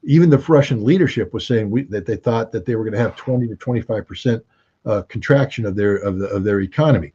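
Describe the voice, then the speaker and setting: A man's voice: lowish voice, fast, dark tone, breathy edge. An American man giving emphatic, argumentative commentary as an interview guest, fond of rhetorical questions, on dull lo-fi call audio. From United States.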